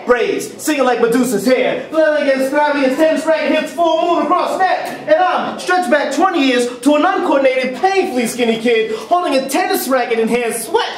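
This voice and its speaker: A man performing spoken-word poetry and stories live on stage, with animated, rhythmic delivery and jokey asides. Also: very high voice, fairly quick, few pauses. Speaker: storyteller and spoken-word poet. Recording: echoey hall, distant mic.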